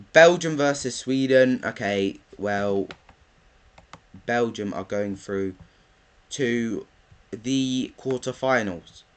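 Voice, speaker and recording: A young man, chatting casually through his football predictions, thinking aloud with lots of ums. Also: medium pitch. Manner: rambling, thinks aloud with many ums, bursts into excited chanting. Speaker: football vlogger.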